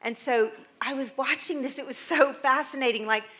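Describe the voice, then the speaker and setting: Bright-voiced chatty middle-aged American woman. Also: high-pitched, moderate pace. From United States. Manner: chatty and rambling, with frequent laughs and asides. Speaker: speaker addressing a live audience. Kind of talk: casual humorous talk to an audience.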